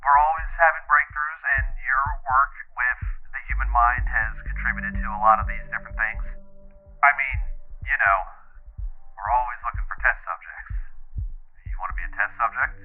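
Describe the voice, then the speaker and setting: A man's voice: mid-range voice, normal speed, faint music behind, lightly acted. A man voicing a glib research doctor over a tinny line. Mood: persuasive. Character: smooth-talking male research doctor, slight Russian accent. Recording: tinny phone-line sound.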